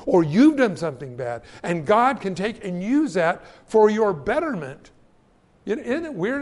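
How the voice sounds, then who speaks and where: A man preaching a sermon, telling Bible stories and acting out the voices in the quotes. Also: high voice. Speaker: pastor.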